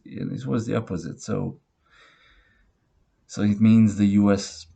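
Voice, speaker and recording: A man with a very low voice and a gravelly, husky rasp talks through a movie review at an unhurried pace. He rambles, stumbles over restarts and fillers, and swears freely, all in a casual, offhand tone. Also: a little mellow.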